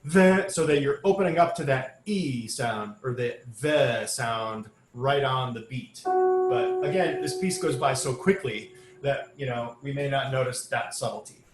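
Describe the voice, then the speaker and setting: Over music, a man with a mid-range voice directs a choir rehearsal via video call, talking a little slowly with a roomy sound. He covers diction and sings short example phrases in between the spoken guidance.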